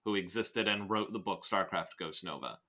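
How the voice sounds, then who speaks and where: This podcast host has a low, pushed and bright voice and talks at a moderate pace. Reading and analyzing a novel, he rambles and jokes casually, swearing frequently and restarting his sentences often.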